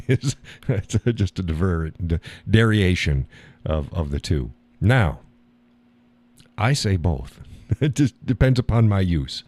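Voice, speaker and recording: A deep-voiced American man hosts his live show at an unhurried pace, chatting loosely and chuckling as he reads out viewer comments. He sounds a bit tired and easygoing, wandering from point to point. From United States. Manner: relaxed, rambling, laughs often. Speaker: live stream host. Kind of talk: casual chat reading viewer comments.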